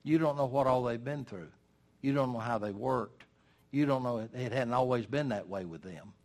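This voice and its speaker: An older man delivers a sermon in an emphatic, folksy style. His mid-range voice drives each point home and leans on dramatic pauses. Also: mid-range voice, darkish tone. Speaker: preacher.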